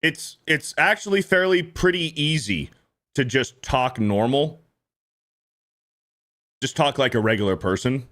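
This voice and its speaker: A man's voice: medium pitch, measured pace, long pauses, fairly bright tone. A man hosting a stream, giving casual reaction commentary in a blunt, profane, repetitive way. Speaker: streamer host.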